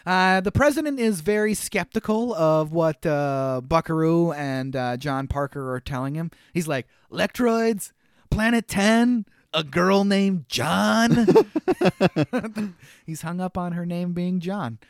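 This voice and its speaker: A high-pitched man chats through a movie recap, amused and wry, laughing at the plot as he goes. His voice is close and dry, with no room sound around it. He talks in a loose, conversational way. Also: unhurried, smooth, no echo. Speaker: podcast co-host. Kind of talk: casual movie recap chat.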